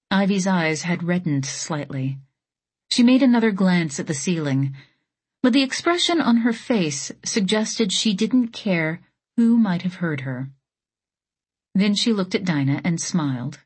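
A woman narrating an audiobook in a steady, measured reading. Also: fairly low pitch, slightly rough. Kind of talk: scripted narration.

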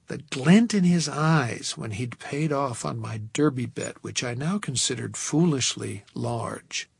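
Guy reading an audiobook, dry wry delivery, a bit breathy, mid pitch. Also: no echo. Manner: wry, measured storytelling. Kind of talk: audiobook narration.

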